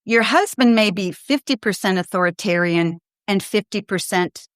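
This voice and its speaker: A woman's voice: mid-range voice, moderate pace, no room sound, clean studio sound. Older woman giving frank parenting advice. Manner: direct, warm-humored, acts out kids and parents in quotes. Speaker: pediatrician podcast host. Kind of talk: advice show, answering callers.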